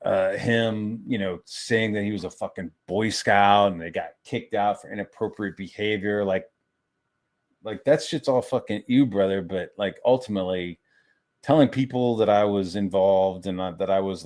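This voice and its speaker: A man with a fairly low voice rants on a stream, heated and constantly swearing. He stumbles and restarts as he talks through a grievance, loose and unscripted. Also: steady tone, normal speed, darkish tone. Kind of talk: profane casual rant on a stream.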